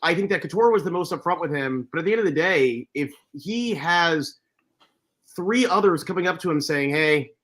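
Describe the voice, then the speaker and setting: Slightly high, bright-voiced man on a podcast. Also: lively intonation, normal speed. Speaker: podcast co-host. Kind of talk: casual podcast discussion.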